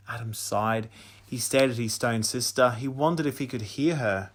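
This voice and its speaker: A man reading a children's horror story aloud as an audiobook, in a dramatic, expressive manner. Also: medium pitch, normal speed. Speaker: audiobook reader.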